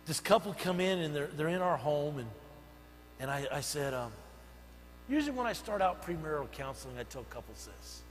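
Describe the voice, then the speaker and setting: An older man, a senior pastor, preaching a sermon, telling stories and swinging between soft asides and loud emphatic bursts. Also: on the high side, lively intonation, fairly quick, long reverb tail, slight background noise, low-quality recording. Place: church sanctuary.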